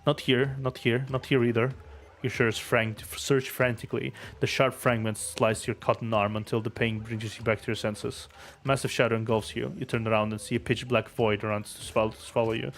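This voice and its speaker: A man streaming a game, reading its story aloud in steady narration with offhand asides. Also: medium pitch, brisk.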